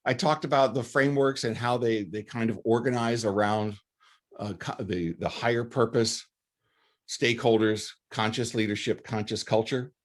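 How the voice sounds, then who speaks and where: A man's voice: medium pitch, steady tone, moderate pace. A man giving a faculty lecture in an earnest, conversational way, often restarting his phrases. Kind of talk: recorded lecture.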